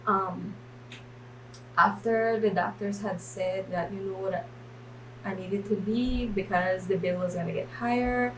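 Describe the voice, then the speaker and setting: A woman's voice: mid-range voice, steady tone, measured pace, far from the mic, background noise. Woman in her twenties giving testimony. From Belize. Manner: hesitant, many fillers and restarts. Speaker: church member giving testimony. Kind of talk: personal faith testimony.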